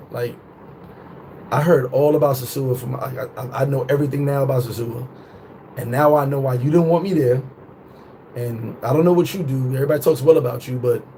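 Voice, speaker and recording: A man's voice: mid-range voice, a little mellow, slight background noise, poor audio. A man in his thirties telling a story in a casual, profane way, jumping into voices for the people in it. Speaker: vlogger.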